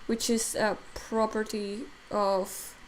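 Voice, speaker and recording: Over a faint hiss or hum, this woman's mid-range voice moves slowly and evenly. She teaches digital sculpting on a live stream, reading out chat comments and thinking aloud with frequent fillers. Her voice sounds strained and worn out.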